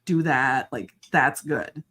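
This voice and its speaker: A woman's voice: extremely low pitch, slow, a bit bright, slight background noise. A middle-aged woman guest in casual chat, telling playful stories about her son and laughing often. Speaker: podcast guest.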